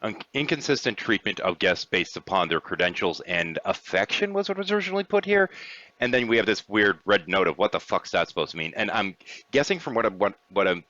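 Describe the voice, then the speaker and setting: A man's voice: lowish voice, expressive, fairly quick, pushed and bright, dry recording. A man hosting a casual podcast, blunt and profane in his talk. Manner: blunt, profane, occasionally clears throat. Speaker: podcast host. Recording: dry, dull lo-fi sound.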